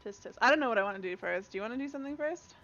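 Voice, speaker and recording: A woman's voice: on the high side, expressive, very fast, fairly bright tone, a little hiss or hum. A young Canadian woman streaming a game, chatting and laughing with viewers and a friend. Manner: chatty, laughs often, talks to chat and a friend. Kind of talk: casual gaming stream chat. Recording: dull lo-fi stream audio.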